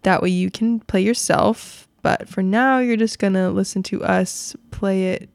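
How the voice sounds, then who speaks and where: A young woman co-hosting a casual podcast, chatty and quick to laugh. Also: medium pitch, fairly even intonation, gravelly, no room sound, clean studio sound. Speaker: podcast co-host. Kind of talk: casual chat.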